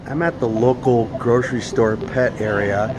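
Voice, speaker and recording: A man's voice: mid-range voice, fairly even intonation, normal speed, dull audio. A man hosting a casual vlog, chatty and jokey with playful asides. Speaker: host. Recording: background music.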